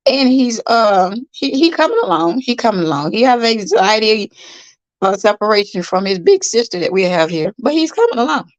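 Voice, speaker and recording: A woman's voice: mid-range voice, lively intonation, moderate pace, no echo, highs cut off. A middle-aged woman, hosting a casual livestream from her bed, tired, chatty, repeating herself and greeting viewers by name. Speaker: livestream host. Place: in bed at home.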